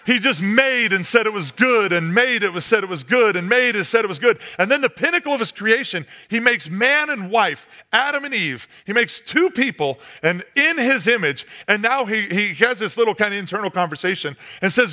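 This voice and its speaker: Male pastor, casual storytelling sermon, bright and animated delivery. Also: high-pitched, normal speed, hardly any pauses. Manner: lively storytelling with playful character voices; conversational, uses fillers like "like" and "you know".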